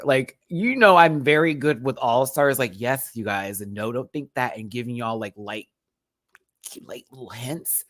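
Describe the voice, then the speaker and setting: A man hosting a live review stream in a campy, expressive, chatty manner, laughing often. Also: medium pitch, moderate pace, no room sound, clean studio sound. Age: adult, remembers childhood. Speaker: host reviewing a TV competition. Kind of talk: live-stream commentary chat.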